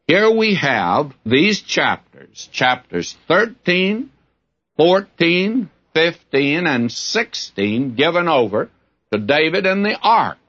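A man delivers a folksy Bible sermon at a slow, unhurried pace, his voice a little husky. His pitch rises and falls with plenty of life. The recording sounds dull and lo-fi, like an old broadcast tape. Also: fairly bright tone. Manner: folksy, conversational preaching with rhetorical questions. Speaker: radio Bible teacher.

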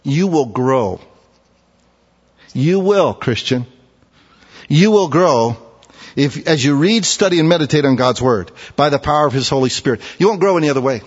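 A man preaching a sermon, telling folksy stories and switching between quiet asides and loud, emphatic points. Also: fairly high pitch, expressive, a little slow, long pauses, long reverb tail, highs cut off. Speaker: pastor.

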